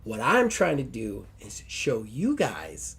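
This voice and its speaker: A man's voice: medium pitch, wildly swooping pitch, slow pace, creaky, a bit bright, breathy edge, exaggerated voice. A man voicing a bubbly young woman who talks in gushing valley-girl style, full of "like" and "totally". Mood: persuasive.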